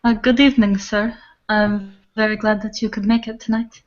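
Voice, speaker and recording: A woman plays a courteous gallery hostess who greets guests formally. Her voice sits in a middle pitch. The sound is dull and muffled, as over an online voice chat. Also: steady tone, normal speed, lightly acted. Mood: welcoming. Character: polite, welcoming gallery hostess.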